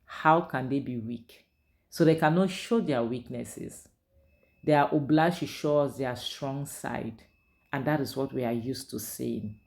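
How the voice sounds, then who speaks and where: Man, series reviewer, gravelly mid-pitched voice, animated and emotional casual recap. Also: a little slow. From Nigeria. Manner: animated, emotional retelling with conversational fillers.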